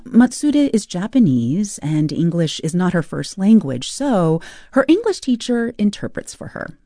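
A woman hosts a radio segment, reading a scripted introduction. Her voice is low and mellow, with lively pitch movement. It is recorded dry in a studio. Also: no echo. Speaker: radio host.

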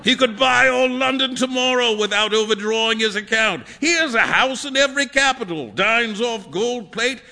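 A man's voice: very high voice, moderate pace, creaky, few pauses, pushed and bright, pitched above the performer's own voice, exaggerated voice. A man voicing a jovial male painter in a storybook reading, with a theatrical, amused delivery. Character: jovial wealthy-world male painter, teasing.

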